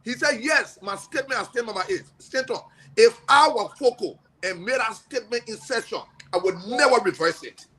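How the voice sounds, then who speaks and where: Brief: insistent male lawmaker, very high voice. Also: lively intonation, fairly quick, slight background noise. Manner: forceful, insistent. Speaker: lawmaker panelist. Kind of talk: panel debate.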